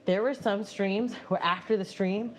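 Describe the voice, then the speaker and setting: A woman hosting a live stream, chatting casually with viewers while walking on a treadmill, animated and often laughing. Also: medium pitch, measured pace. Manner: animated, laughing, reads viewer messages aloud and answers them. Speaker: livestream host reading chat. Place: home, indoors on a treadmill.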